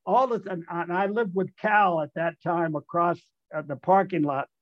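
A man's voice: sits high, normal speed, no room sound, muffled recording. Older man telling a prank story. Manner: rambling, self-amused, restarts and fillers, acts out voices in quotes. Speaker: guest, retired baseball player. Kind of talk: storytelling anecdote.

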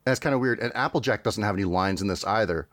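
A man's voice: fairly low pitch, quick pace, a bit bright, dry recording. A man hosting a podcast, chatting casually with many fillers and restarts. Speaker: podcast host.

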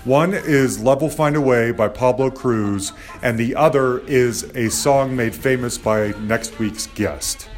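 A man hosts a podcast in a relaxed, rambling way, full of "uh" and "you know." His voice sits at an ordinary middle pitch. Faint music plays in the background. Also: a little slow, few pauses. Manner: friendly, rambling, agreeable, filler-heavy. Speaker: podcast host. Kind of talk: casual podcast chat and outro.

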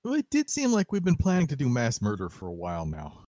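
A man's voice: mid-range voice, wildly swooping pitch, quick pace, dark tone, no echo, clean studio sound. A man chatting casually as a player in a tabletop game, in a wry way. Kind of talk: casual play chat.

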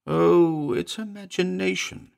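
A man's voice: sits high, steady tone, slow, creaky, darkish tone, voice pushed up, heavily acted. A man voicing a nervous middle-aged housekeeper who speaks jerkily and reluctantly in a ghost story reading. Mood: fearful. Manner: jerky, uneasy, pleading.

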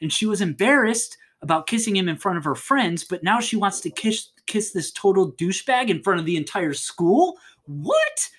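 Brief: narrator playing a snide teen girl, mocking and incredulous, pitched way up. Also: animated, moderate pace, hardly any pauses, fairly bright tone, slightly rough. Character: scornful young woman, snide girlfriend.

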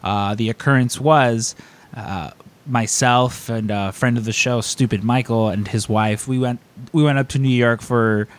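A man in the middle of his pitch range spins a long anecdote for his guests. He talks casually and animatedly, slipping into exaggerated voices for the people in the story. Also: measured pace. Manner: animated, acts out quoted voices. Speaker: podcast host.

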